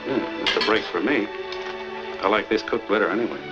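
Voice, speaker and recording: A man's voice: on the low side, brisk, lightly acted. An actor playing a cheerful, teasing husband and father in a 1940s film. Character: friendly helpful family man, middle-aged. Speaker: husband and father, good-hearted neighbor. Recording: dull old film soundtrack with music.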